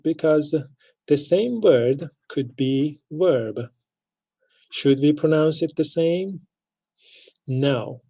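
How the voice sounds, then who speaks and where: Male instructor, unhurried lecture delivery, creaky gravelly tone. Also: mid-range voice, low-quality recording. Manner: slow, deliberate, spells out pronunciations. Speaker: English language instructor. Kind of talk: recorded lecture.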